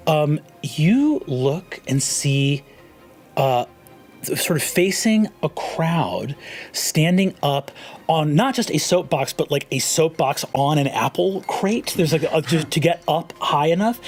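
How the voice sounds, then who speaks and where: Male game master, high and lively, rambling scene setter. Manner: rambling, fillers-heavy scene setting. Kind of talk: narrating a tabletop game.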